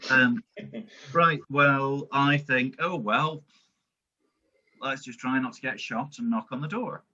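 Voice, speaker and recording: Stammering man in bright lo-fi audio. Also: medium pitch, takes it slowly. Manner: stammering, playing a suave British agent. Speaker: player. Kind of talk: in-character tabletop play.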